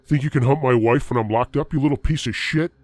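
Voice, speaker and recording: A man doing a loud, menacing big brute. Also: low voice, fast, no echo, voice pushed down, lightly acted. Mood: furious. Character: big angry threatening grown man.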